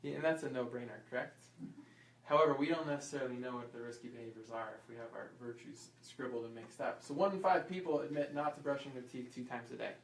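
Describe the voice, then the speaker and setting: A chiropractor teaching an informal health class, quizzing the audience and acting out small scenes. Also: male voice, medium pitch, quick pace, slight background noise. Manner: lively, asks the audience questions and acts out little scenes. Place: class room. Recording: echoey room, voice from far off.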